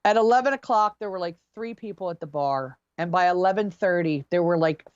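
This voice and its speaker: A middle-aged woman from near Philadelphia, a singer telling gig stories as a podcast guest, animated and chatty with many restarts. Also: on the low side, brisk, smooth, no room sound, dull audio. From near Philadelphia, USA. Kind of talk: casual storytelling.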